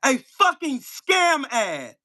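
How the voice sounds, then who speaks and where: A man hosting his own channel, delivering a heated, profane political rant at a commenter, firing rhetorical questions and bursting into shouts. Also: very high-pitched, huge pitch swings, slow pace. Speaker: channel host. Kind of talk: angry political rant to camera.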